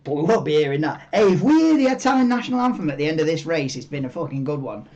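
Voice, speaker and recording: A man hosting a live stream, chatting casually in a rambling, excitable way and swearing freely. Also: on the high side, fast talker. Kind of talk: casual live watchalong chat. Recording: dull lo-fi mic, tinny.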